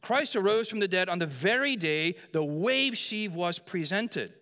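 A man's voice: sits high, animated, measured pace, pushed and bright. A man preaching a sermon in a church hall, joking with the congregation and quizzing them. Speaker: pastor. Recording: long reverb of a large hall.

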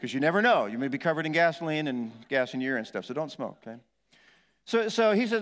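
A middle-aged male pastor with a somewhat high voice tells a wild personal story from the pulpit, shouting and groaning as he acts out each moment. His words ring out through a big hall with a long echo. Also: fast talker. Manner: animated storytelling, acts out yelling and moaning. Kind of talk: storytelling sermon.

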